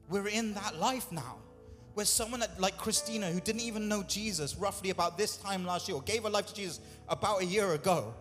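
A man's voice: fairly high pitch, a bit bright, long reverb tail. A man pastor preaching a sermon in a church, talking conversationally, acting out quoted voices and putting questions to the congregation. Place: church hall.

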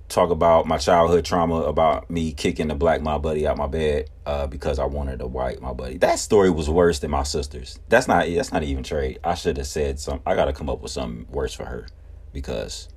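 A man in his thirties hosting a podcast, telling childhood stories casually, laughing often and acting out quotes in high voices. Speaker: podcast host. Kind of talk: casual storytelling.

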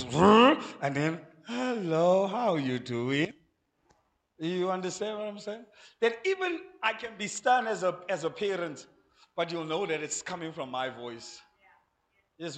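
High-voiced, animated South African pastor. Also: male voice. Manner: animated, acts out voices and laughs while preaching. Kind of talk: sermon. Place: church. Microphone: handheld mic.

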